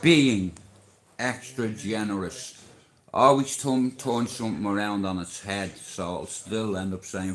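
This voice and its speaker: A man's voice: lowish voice, steady tone, a little slow, echoey room. An Irish man hosting a casual livestream, talking in a boastful, rambling way with plenty of swearing. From Ireland. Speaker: livestream host.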